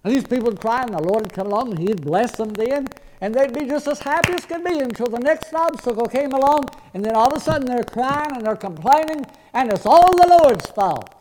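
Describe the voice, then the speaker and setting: A man's voice: extremely high pitch, fast, hardly any pauses, a little mellow, low-quality recording. A man preaching a sermon as pastor, earnest and conversational, often restarting his words.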